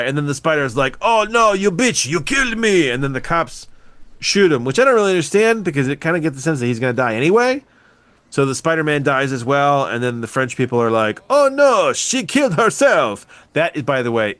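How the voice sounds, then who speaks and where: A man's voice: medium pitch, dry recording. A man with a wife and young daughter, chatting casually and mocking a bad movie, swearing freely. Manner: animated, profane, quick to mock. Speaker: podcast co-host. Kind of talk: casual movie review chat. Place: podcast recording.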